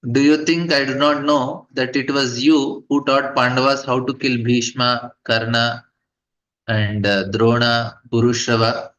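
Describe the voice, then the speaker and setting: A man's voice: medium pitch, level tone, unhurried, fairly bright tone, lightly acted. A man in a scripture class voicing the words of a proud, defeated king who is indignant and boastful. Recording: dull lo-fi recording.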